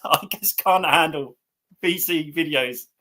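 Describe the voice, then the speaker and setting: A man's voice: fairly high pitch, measured pace, sharp tone. A middle-aged man hosting a casual chat about records. He laughs often as he talks. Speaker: host. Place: home room. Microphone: webcam or computer mic.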